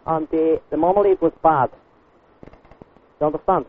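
A man's voice: fairly high pitch, fairly even intonation, normal speed, a little hiss or hum, lightly acted. A man voicing a bumbling male caller with a put-on Scottish accent, rambling and stammering over a marmalade complaint. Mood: complaining. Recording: tinny phone line.

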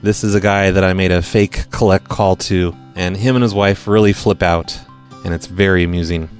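A man's voice: deep voice, fairly even intonation, moderate pace, faint music behind. A man hosting his show, laid-back and amused as he introduces an old prank call. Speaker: podcast host and prank caller. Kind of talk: casual show commentary.

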